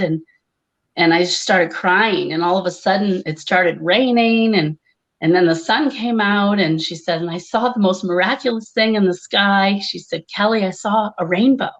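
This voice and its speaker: A woman's voice: fairly low pitch, a bit bright, highs cut off. A woman telling a personal story in a wry, conversational way, laughing often. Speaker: conference speaker, comedian. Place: live online conference.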